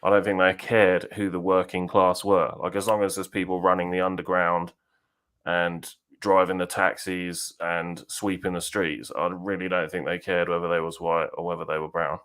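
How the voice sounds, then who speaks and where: Man, southern English accent, deep low voice, blunt casual podcast chat. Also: flat delivery, normal speed, fairly bright tone, clear, resonant tone. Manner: blunt, chatty, laughs easily.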